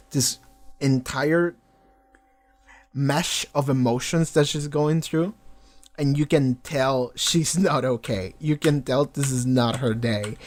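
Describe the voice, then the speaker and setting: A man talking through a TV episode in a casual reaction video, rambling with lots of fillers and freely swearing. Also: mid-range voice. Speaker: TV reaction vlogger. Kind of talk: casual spoken reaction and discussion.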